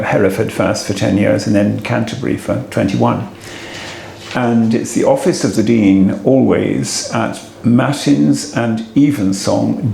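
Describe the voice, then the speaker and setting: An older man, a retired cathedral dean, giving a halting, reflective talk to an audience, with many fillers and restarts. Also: medium pitch, vocal fry, dark tone. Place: assembly room before an audience. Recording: echoey hall, faint room noise.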